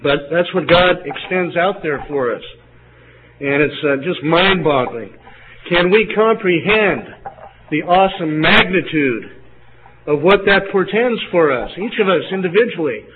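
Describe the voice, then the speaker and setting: An older man preaching a sermon, halting often with fillers and restarts. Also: on the high side, expressive. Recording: phone-like lo-fi recording with faint hiss.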